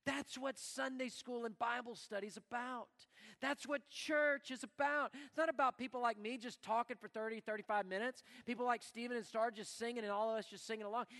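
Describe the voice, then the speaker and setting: A man preaching a sermon as pastor in a church, animated and acting out the prayers he quotes. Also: very high-pitched. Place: church sanctuary. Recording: long reverb of a church hall.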